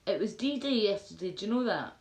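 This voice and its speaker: A woman's voice: mid-range voice, animated, a little fast, darkish tone. A Scottish woman chatting casually on a livestream, swearing freely and rambling as she answers viewer comments. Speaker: livestream host. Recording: roomy echo.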